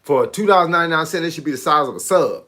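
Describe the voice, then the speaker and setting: A relaxed, middle-aged man, talking loosely to his viewers on a live stream. His voice sits a little high for a man. He keeps saying "hey, look" and "bro" between thoughts, and he laughs easily. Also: rapid-fire. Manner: laid-back, repeats "hey, look" and "bro", laughs often. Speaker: fitness coach on a live stream.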